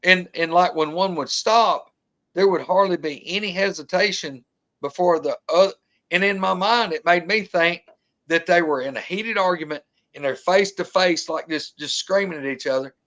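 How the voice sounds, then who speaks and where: A man with a fairly high-pitched voice tells a long encounter story in casual, colloquial talk, animatedly mimicking the sounds he heard.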